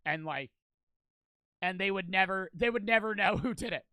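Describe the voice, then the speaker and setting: A man hosting a reaction video, talking in a rambling, excitable way and often laughing. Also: high voice, normal speed, clean tone, no room sound. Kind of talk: casual reaction commentary.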